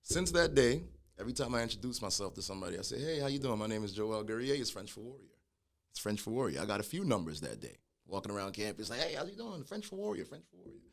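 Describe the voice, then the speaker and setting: A middle-aged man, a guest telling his own story in a casual conversation, animated and acting out the voices of people he quotes. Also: on the low side, quick pace. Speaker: guest, clothing brand founder.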